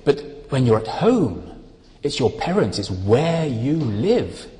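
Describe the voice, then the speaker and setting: A man preaching a sermon, explaining Bible words in a slow, deliberate, emphatic way. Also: mid-range voice, very animated, warm tone, big-room sound.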